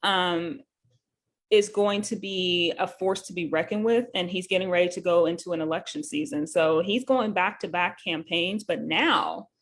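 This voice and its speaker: A woman's voice: fairly low pitch, moderate pace. Woman, nurse host, live talk show, earnest, conversational, frequent fillers, corrects herself. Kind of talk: live web talk show, explaining a bill.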